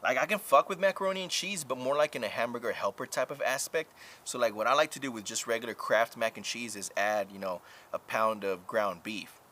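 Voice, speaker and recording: A man's voice: mid-range voice, sharp tone, slight background noise. A man live-streaming casual chat, talking frankly and profanely, rambling with lots of fillers while answering viewers. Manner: drawn-out filler-heavy talk.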